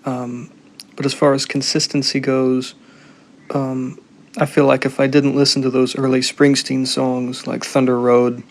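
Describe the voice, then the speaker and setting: A man sending a recorded answer to a podcast, speaking in a thoughtful, soft-spoken way. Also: medium pitch, creaky. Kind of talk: casual recorded message.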